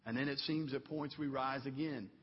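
A man's voice: mid-range voice, fairly even intonation, normal speed, slightly rough, long reverb tail, lo-fi sound. A man preaching a sermon as pastor in a church, earnest and building to fervent emphasis. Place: church sanctuary.

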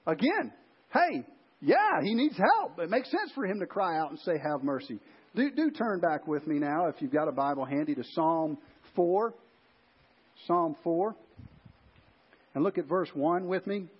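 A man's voice: sits high, sing-song, a little slow, husky, lo-fi sound. A man pastor preaching a sermon in a conversational way, often asking the congregation questions and restarting his sentences.

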